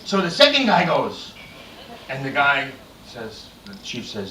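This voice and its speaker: Telling dirty jokes in a comedy club with plenty of "I said, he said," this man delivers a crude, bawdy stand-up set. His mid-range voice swings hugely in pitch, sounding bright and forceful, a little slow. An echoey room, a distant mic, and slight hiss or hum color the audio.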